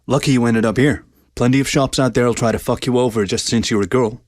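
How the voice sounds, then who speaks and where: A man's voice: mid-range voice, fairly even intonation, fast talker, no room sound, studio quality, natural voice. A man voicing a cocky, laid-back male dog who talks in a lazy drawl. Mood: easygoing.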